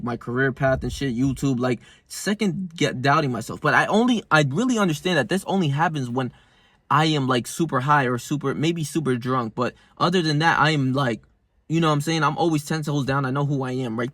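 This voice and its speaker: A man's voice: medium pitch, fairly bright tone, dry recording. Slangy, swearing young man vlogging. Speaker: self-help vlogger. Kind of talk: casual vlog talk.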